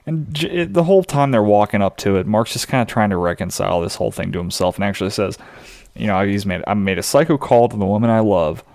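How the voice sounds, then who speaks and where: A man co-hosting a podcast, casually recapping a TV episode in a relaxed, explanatory way. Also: lowish voice, quick pace, gravelly. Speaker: podcast co-host.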